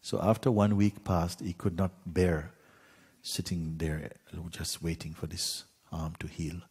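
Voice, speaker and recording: A man gently telling a parable as a spiritual teacher, unhurried, with pauses and soft fillers. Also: deep voice, little pitch movement, breathy edge. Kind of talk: gentle spoken storytelling.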